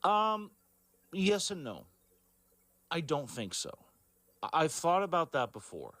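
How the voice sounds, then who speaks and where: A man being interviewed, telling a personal story in a rambling, halting way, full of fillers and self-corrections. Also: fairly high pitch, big pitch swings, a bit bright, no room sound. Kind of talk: casual storytelling.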